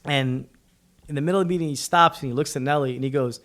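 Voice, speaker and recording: A man's voice: mid-range voice, quick pace. A man from Suriname, a podcast guest telling stories in casual chat and acting out the voices of the people in them. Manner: animated, acts out quoted voices. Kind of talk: casual storytelling.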